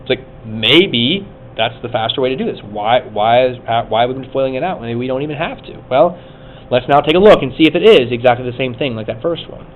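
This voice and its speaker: A man's voice: mid-range voice, expressive, brisk, narrow, tinny audio, a little hiss or hum. A man teaching a math class, talking casually and thinking aloud as he coaxes students through problems. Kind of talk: classroom lecture.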